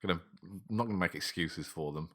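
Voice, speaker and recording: Low-voiced guy on a podcast, casual rambly chat, swears a lot. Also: quick pace, a bit bright. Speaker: podcast co-host.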